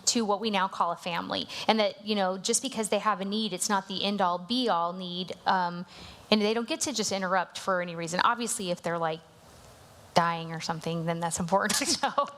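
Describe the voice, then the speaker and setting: A woman's voice: medium pitch, brisk, a bit bright. A woman co-teaching a live parenting class, talking conversationally and sharing family stories. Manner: conversational, tells family anecdotes.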